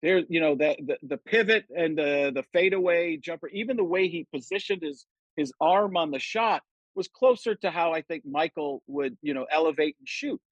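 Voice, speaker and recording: Give me a husky middle-aged man as a podcast guest, chatty and animated, recorded dry and close. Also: a little high, moderate pace, dry recording, lo-fi sound. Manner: animated storytelling, jumps into quoted voices. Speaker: guest impressionist. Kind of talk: casual podcast interview.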